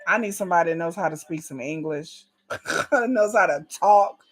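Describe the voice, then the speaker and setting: A woman's voice: fairly low pitch, moderate pace, slightly rough. A woman, hosting a casual reaction video, outspoken and emphatic with plenty of slang. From Texas.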